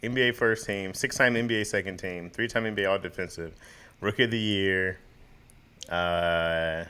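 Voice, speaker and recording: A man's voice: low-pitched, steady tone, normal speed, sharp tone, clear, resonant tone. A man co-hosting a podcast in loose, joking banter, laughing often and talking in slang. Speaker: podcast co-host. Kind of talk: casual chat.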